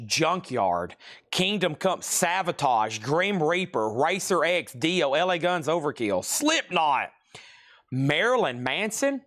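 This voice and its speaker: A man with a slightly high, somewhat bright voice hosts a live vinyl sale stream from a record shop. In sales patter, he reads off titles and prices and exclaims at rare finds.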